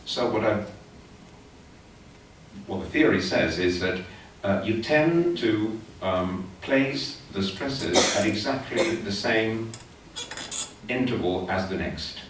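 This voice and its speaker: A middle-aged man with a Chilean accent lectures, his lowish voice picked up from a distance. The hall rings with a heavy echo, with faint room noise underneath. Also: animated, slow pace, pauses often. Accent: Chilean Spanish. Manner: explanatory, chatty with asides, taps out beats aloud. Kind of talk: academic conference talk. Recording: echoey hall from far off.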